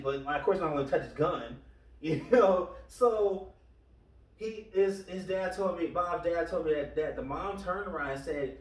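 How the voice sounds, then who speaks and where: A man's voice: a little high, measured pace. A man hosting a casual podcast, rambling through stories and quoting people as he goes. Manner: rambling, retells stories with quoted voices. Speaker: podcast host. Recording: echoey room, far from the mic.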